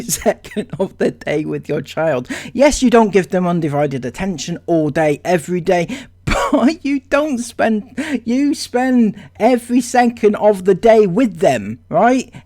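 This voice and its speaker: A woman recording reaction commentary at home, her pitch leaping up and down as her exasperation builds. She talks slowly and deliberately, swears freely, and keeps breaking into incredulous laughter. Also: darkish tone. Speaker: online commentator.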